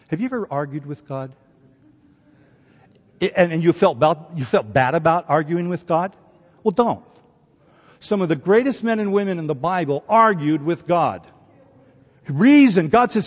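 Animated preacher with a lilt. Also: male voice, a little high, moderate pace, pauses often, husky. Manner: animated, acts out biblical voices. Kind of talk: sermon. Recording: dull recording in a hall.

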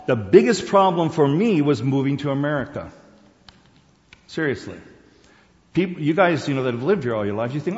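Man raised in Asia, relaxed rambling talk to a group, long hall reverb, muffled sound. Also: medium pitch, moderate pace. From Korea, Borneo and Singapore. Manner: rambling, conversational, with many fillers and restarts. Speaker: speaker. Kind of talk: informal personal talk.

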